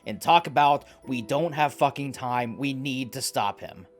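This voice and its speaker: A man's voice: mid-range voice, a little slow, close to an everyday voice. A man doing a stern, curt undead father. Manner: curt, impatient, swearing.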